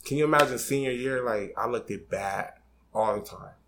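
A man's voice: medium pitch, moderate pace, gravelly, a bit bright, a little hiss or hum. A man in his twenties on a podcast, candidly telling a personal story in a casual, slangy way, swearing freely and getting emotional. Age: 20s.

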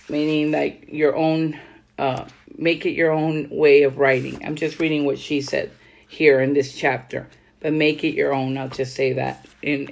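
A woman podcast host reading aloud from a book on writing, breaking off for loose conversational comments. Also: low voice. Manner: reads steadily, then adds loose conversational comments. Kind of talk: reading a writing guide aloud with casual asides.

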